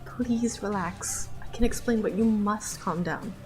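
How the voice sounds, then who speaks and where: A woman voicing a calm, gentle ghostly healer spirit in a comic read-along, speaking softly and formally with faint music behind. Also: mid-range voice, measured pace, pitched above the performer's own voice, close to an everyday voice, rough recording. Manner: soft, formal, reassuring. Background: faint background music.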